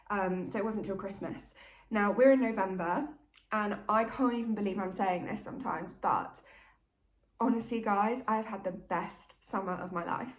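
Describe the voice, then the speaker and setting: A woman's voice: medium pitch, echoey room, slight background noise. A woman, chatting candidly to camera in a casual, open vlog manner. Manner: open, candid and chatty, talking like to a best friend. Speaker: vlogger.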